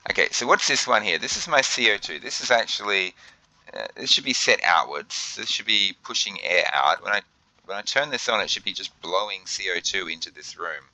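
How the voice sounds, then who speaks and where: A deep-voiced young man talks his way through a game as he plays. His tone is bright and forceful. He keeps stumbling over his words and restarting his sentences. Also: expressive, brisk, no room sound, rough recording. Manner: flustered, thinks aloud with many fillers and restarts. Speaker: gaming video host. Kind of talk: let's play commentary.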